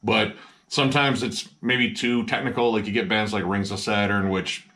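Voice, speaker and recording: Excitable metal reviewer, male, bright sharp tone, swears freely, casual banter. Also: lowish voice, moderate pace. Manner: excited, swears a lot, many "like" fillers. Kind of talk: casual album review chat.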